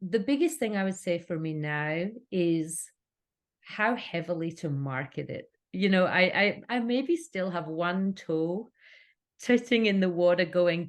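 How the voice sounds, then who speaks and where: A woman's voice: lowish voice, measured pace. A Scottish woman talking earnestly as a podcast guest about running her business, with frequent restarts. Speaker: cake kit business owner, podcast guest. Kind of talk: casual interview chat.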